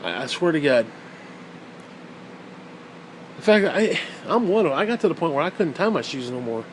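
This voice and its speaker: Man, slightly high voice, profane rambling rant, faint background hum. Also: very animated, quick pace. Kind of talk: casual rant.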